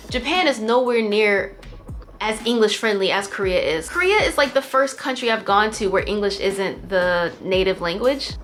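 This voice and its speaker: A young woman vlogging in a chatty, playful way straight to her viewers. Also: fairly high pitch. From United States. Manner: chatty, animated, playful asides. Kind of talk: casual chat to camera.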